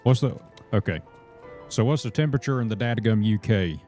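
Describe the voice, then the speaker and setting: On a livestream, a laid-back man with a deep, low voice plays a game and chats with viewers at a fairly quick clip. He rambles in a friendly, relaxed way, reads and answers the chat, and greets viewers as brothers while quiet music plays behind him.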